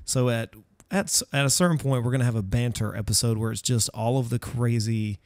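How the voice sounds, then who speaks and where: A man from the US Northeast co-hosting a casual podcast, halting and quick to laugh. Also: medium pitch, darkish tone, dry recording. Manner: halting, self-correcting, laughs often. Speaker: podcast co-host. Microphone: studio mic, live stream.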